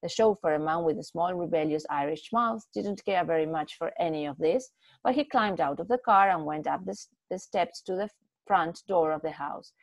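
A woman reading a short story aloud in a steady, expressive way, with a few small slips. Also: fairly low pitch, normal speed, vocal fry, no echo. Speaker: story reader.

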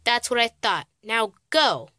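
A woman playing a stern mother who scolds her daughters with sharp commands. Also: fairly high pitch, sing-song, measured pace, noisy background. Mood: scolding.

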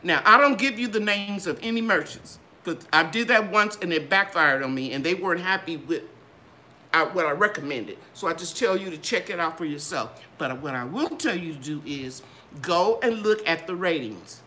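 An older woman talks to her viewers in a live gardening Q and A. Her voice swoops up and down in a sing-song way. Her tone is bright and ringing, like a trained singer's. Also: normal speed. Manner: animated, sing-song ups and downs in pitch. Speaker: gardening channel host. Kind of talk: live Q and A chat.

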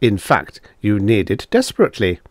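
A man voicing a suave, smooth-talking male devil-like alien who speaks patiently and coldly, in a storybook reading. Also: fairly low pitch, wildly swooping pitch, normal speed, darkish tone, no room sound, clean studio sound.

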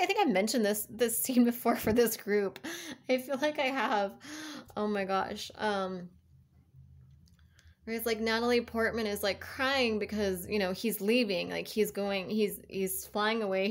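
A young woman giving a casual tarot reading, rambling along with lots of fillers and restarts. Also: mid-range voice. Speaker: tarot reader.

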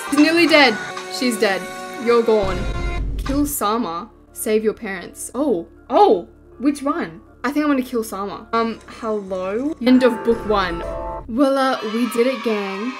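An Australian woman with a fairly high voice commentates a game as she plays it. She is excitable and jokey, and she shrieks at sudden scares. Game music plays clearly underneath her. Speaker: gaming YouTuber. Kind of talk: let's play commentary.

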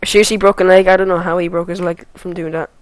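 A woman giving gameplay commentary, excitable and foul-mouthed, with loud sudden yelps and shouts between muttered remarks. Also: lowish voice, fast, slight background noise, low-quality recording. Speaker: let's play gamer.

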